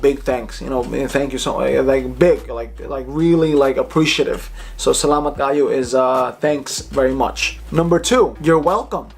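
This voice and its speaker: Man slowly drilling pronunciation. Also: fairly high pitch. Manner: slow, exaggerated pronunciation drills with lots of "like". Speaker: language teacher. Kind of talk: casual video lesson.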